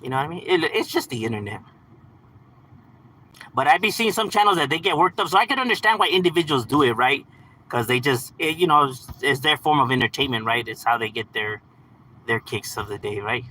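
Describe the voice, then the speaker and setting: A man's voice: medium pitch, lively intonation, a little fast, sharp tone, slight background noise, low-quality recording. A man hosting a livestream, reading out chat messages and answering in a laid-back, slangy, profane way with frequent laughs. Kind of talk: casual live chat.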